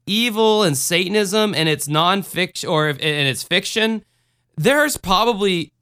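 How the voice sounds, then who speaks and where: A man's voice: high voice, unhurried, clear, resonant tone. A young man co-hosting a podcast, chatting casually and with a lot of profanity as he reviews a book and tells stories. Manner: rambling, profane, animated storytelling. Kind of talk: casual chat.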